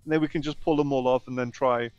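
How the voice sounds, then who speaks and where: A man guesting on a video call, telling a story in a casual, animated way and putting on voices for the people he quotes. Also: medium pitch, fast, smooth, no room sound, muffled recording, soft background music. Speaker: interview guest.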